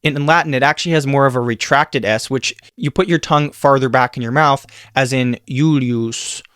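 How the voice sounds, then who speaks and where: A man giving a scripted Latin pronunciation lesson, saying example sounds slowly and carefully. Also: mid-range voice, a bit bright, smooth, no room sound, studio quality. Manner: slow, careful demonstration of sounds. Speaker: Latin teacher.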